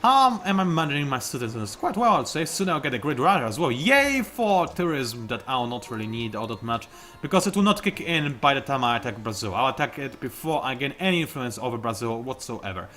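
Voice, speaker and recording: A man's voice: medium pitch, very animated, a little fast, pushed and bright, faint music behind. A young man giving casual, self-mocking commentary while playing a strategy game, with sudden outbursts at his opponents. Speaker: gaming YouTuber.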